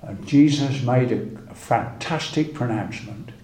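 A man preaching a sermon, retelling scripture in a measured storytelling way and reading old verses aloud. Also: medium pitch, dark tone, roomy sound.

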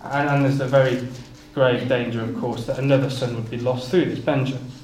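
A man of middle pitch gives a Bible sermon, reading scripture in King James wording and expounding it in plain speech. He often stumbles and repeats small words as he gathers his thoughts. The recording is roomy and echoey, with faint background noise. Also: steady tone, fairly quick, a little mellow. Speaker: preacher.

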